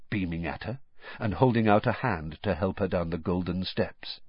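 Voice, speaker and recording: A man narrating an audiobook with expressive, varied storytelling. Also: on the low side, slightly rough, no echo. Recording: dull, dry lo-fi recording.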